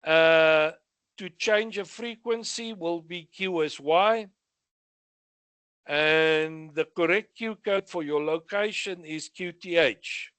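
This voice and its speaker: Slow and fairly high in pitch, this man's voice is clean-toned and a little bright, with no echo. Speaking with a South African accent, he reviews radio exam questions for revision, reading each aloud and answering it with brief asides.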